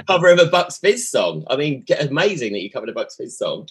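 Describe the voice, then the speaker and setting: Male podcast host, rapid husky delivery, gushing interviewer. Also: medium pitch, sing-song, rough recording. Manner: enthusiastic, effusive interviewer. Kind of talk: casual interview chat.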